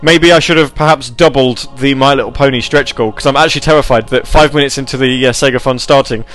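A man hosting a casual live radio show, rambling and animated as he reads chat messages and tells stories. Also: medium pitch, quick pace, soft background music.

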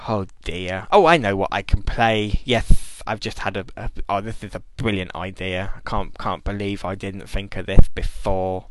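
A man's voice: deep voice, moderate pace, no echo. A British man hosting a live internet radio show, rambling on in a silly exaggerated put-on voice. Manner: rambling, babbling banter.

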